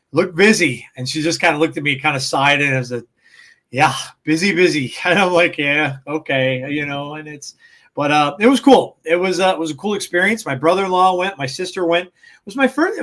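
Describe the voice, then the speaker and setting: Chatty high-voiced man telling stories. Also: a bit bright. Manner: rambling storyteller with many fillers and restarts; laughs at his own anecdotes. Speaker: podcast co-host. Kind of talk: casual chat.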